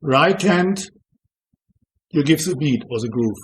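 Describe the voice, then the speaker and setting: A man, a Zen monk, calmly explaining how to drum, in plain instructional English that is not his first language. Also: on the high side, slow. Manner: calm, plain instructional phrasing in non-native English. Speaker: Zen monk teaching drumming. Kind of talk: spoken instruction between drum demonstrations.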